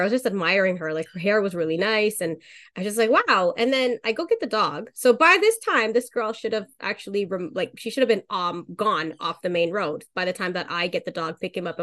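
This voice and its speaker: A woman's voice: medium pitch, a bit bright. A woman hosting a casual podcast as a dog trainer, telling stories in a chatty way with lots of fillers. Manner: chatty storytelling with many fillers and laughs.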